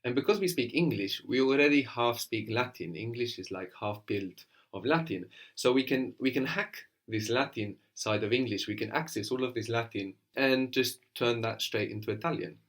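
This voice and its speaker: A man teaching a spoken language lesson, patiently coaxing a student and modelling pronunciation slowly. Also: mid-range voice, fairly bright tone.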